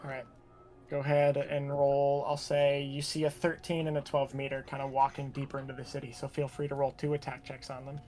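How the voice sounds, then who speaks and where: A man's voice: mid-range voice, completely flat delivery, fairly quick, darkish tone, faint music behind. A man running a tabletop role-playing game as game master, narrating in a casual, laid-back way.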